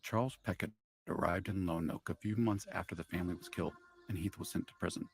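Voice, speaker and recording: A man narrating a true-crime documentary in a measured, even way. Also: sits low, gravelly.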